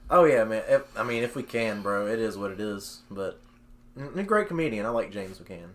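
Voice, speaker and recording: A man's voice: fairly low pitch, expressive, moderate pace. A man, co-hosting a casual podcast, laid-back and swearing freely, calling everyone dude and bro. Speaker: podcast co-host.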